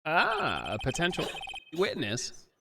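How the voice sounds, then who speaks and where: A man's voice: a little high, huge pitch swings, takes it slowly, creaky, music in the background, pitched above the performer's own voice, heavily acted. A man voicing a fussy older male judge in a fan-dubbed courtroom game, pompous and easily swayed. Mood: inquisitive.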